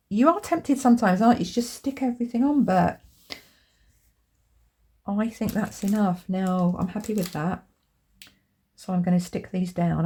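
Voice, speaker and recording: Chatty woman, a bit husky. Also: mid-range voice. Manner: chatty, excitable, lots of tag questions. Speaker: crafting channel host. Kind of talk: casual crafting chat to camera.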